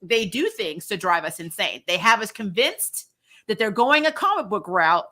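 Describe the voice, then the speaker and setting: A woman chatting casually as a podcast guest, animated and ranting, laughing often. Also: medium pitch, normal speed.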